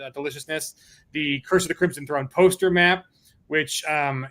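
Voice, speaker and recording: A chatty, upbeat man hosts a livestream, running through offers with plenty of ums and uhs. His voice sits a little high and sounds bright and forceful. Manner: chatty, upbeat, many fillers. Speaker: host of a publisher's launch stream. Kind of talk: casual livestream pitch.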